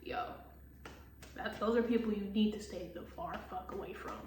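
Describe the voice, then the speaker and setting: A woman's voice: medium pitch, moderate pace, a little mellow, distant mic. A woman giving a casual tarot reading in a blunt, profane, exasperated way, laughing often. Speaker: tarot reader. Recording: echoey room with faint hiss.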